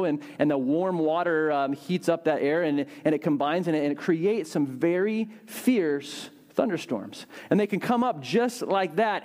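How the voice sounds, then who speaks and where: A young adult male pastor giving a casual, animated sermon, acting out voices with big jumps in pitch.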